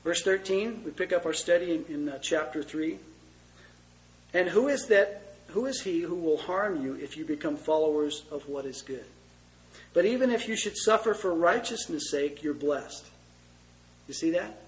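A man preaching a conversational sermon, moving between loud emphasis and hushed, tender asides. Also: fairly high pitch, lively intonation, moderate pace, low-quality recording. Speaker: pastor.

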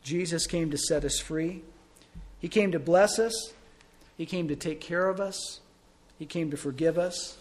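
Earnest male pastor preaching, fairly high voice. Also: unhurried. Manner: earnest, swings from soft and low to loud emphasis. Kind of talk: sermon and closing prayer.

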